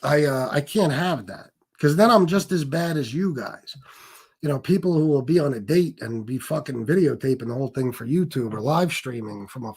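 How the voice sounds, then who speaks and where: Blunt, profane livestream host, slightly high voice. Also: male voice, darkish tone, slightly rough. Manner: blunt, profane, repeats himself, restarts sentences. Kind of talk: casual livestream rant.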